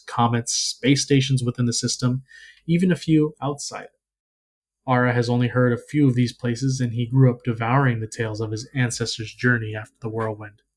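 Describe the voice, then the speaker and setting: A man's voice: mid-range voice, slight background noise. Hesitant man recapping game lore. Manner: hesitant, many restarts and ums. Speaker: podcast co-host. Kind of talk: casual lore recap and reading.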